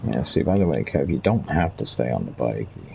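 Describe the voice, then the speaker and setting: This fifties-aged streamer has a creaky bass voice, very animated and slightly quick, as he chats over gameplay, wandering between stories with frequent laughs. The highs are cut off and there's a little background noise.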